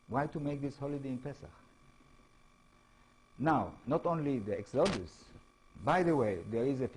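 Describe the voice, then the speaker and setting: A man with an Israeli accent lecturing as an author, speaking halting English and often checking in with tag questions. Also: mid-range voice, warm tone, slightly rough, poor audio. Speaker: author giving a talk. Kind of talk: lecture to an audience.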